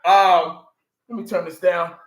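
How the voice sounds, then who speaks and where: A man's voice: sits high, fairly even intonation, unhurried, reverberant. A middle-aged man from Texas, chatting casually to his viewers and rambling with lots of restarts. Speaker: fan channel host. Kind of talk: casual chat.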